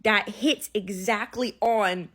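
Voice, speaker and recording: A woman's voice: medium pitch, a bit bright. Chatty woman with a New Orleans accent. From Louisiana, USA. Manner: chatty, profane, explains with quick asides. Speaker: content creator. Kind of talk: casual talking-head monologue.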